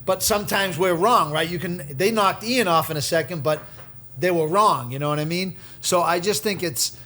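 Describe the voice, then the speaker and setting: A man's voice: high voice, moderate pace, sharp tone. A man, talking casually on a podcast and explaining with many fillers. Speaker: podcast host.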